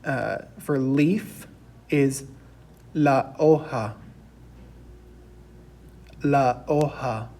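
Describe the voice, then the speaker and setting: A young man teaching a recorded class lecture, saying each word slowly and clearly for students to repeat. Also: on the high side, mellow. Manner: slow, deliberate, drills words for repetition.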